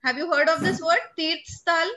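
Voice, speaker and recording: Over a noisy crowd, a middle-aged woman with an Indian English accent teaches a classroom lesson, patiently questioning and coaxing her pupils to answer. Her voice is very high-pitched, with fairly even intonation and a moderate pace.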